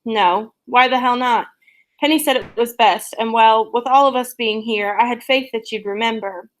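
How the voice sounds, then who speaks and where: A woman reading a novel aloud and voicing the lines of a remorseful, tearful teenage boy in her own gentle, apologetic tone. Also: a little high, moderate pace, natural voice, low-quality recording. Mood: earnest.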